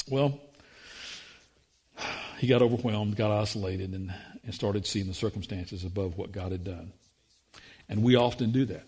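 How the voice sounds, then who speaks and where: Guy preaching a sermon, kinda husky, voice jumps up high when he acts out the quotes. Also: normal speed, pauses often. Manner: acts out voices in quotes, rising excited pitch.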